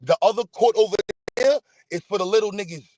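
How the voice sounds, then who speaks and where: A young man with a high, bright-pitched voice tears into his opponents on a livestream, loud, profane and mocking. The sound is dry and close, with almost no room echo. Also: fast. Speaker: livestream host. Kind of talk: heated livestream rant.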